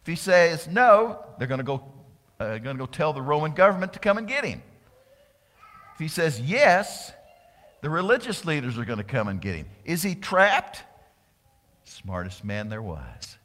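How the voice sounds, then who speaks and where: A man preaching a sermon as pastor, animated, acting out the voices of the people in his story. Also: a little high, normal speed, big-room sound. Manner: animated preaching, acts out voices of crowds and priests.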